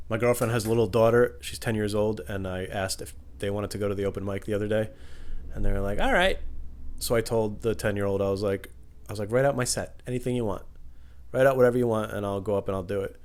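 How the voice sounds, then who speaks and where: A man doing stand-up comedy, telling loose stories and breaking into loud acted-out voices. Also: lowish voice, fast talker.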